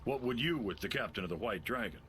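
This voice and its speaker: An actor voicing a gruff, sarcastic male sea captain in a video game, drawing out his mocking questions. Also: on the low side, expressive, fast, fairly bright tone, slight background noise.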